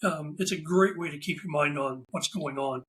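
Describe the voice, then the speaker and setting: A man talking as a podcast guest. He tells stories in a casual, animated way and acts out the lines of the people in them. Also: on the high side, moderate pace, poor audio. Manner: animated anecdotal storyteller, acts out quoted dialogue. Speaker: podcast guest, ride photographer. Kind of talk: casual interview storytelling.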